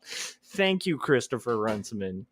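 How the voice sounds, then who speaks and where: A man's voice: medium pitch, very animated, unhurried. A man chatting casually on his live stream while he draws, rambling and making jokes at his own expense. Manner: rambling, self-deprecating, joking. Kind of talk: casual livestream chat.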